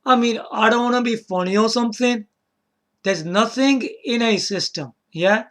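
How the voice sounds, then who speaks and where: His pitch is extremely high and his tone fairly bright as this video game vlogger speaks at a moderate pace through a solo video. Rambling and repeating himself, he checks in with whoever's watching, chuckles quietly to himself and says sorry.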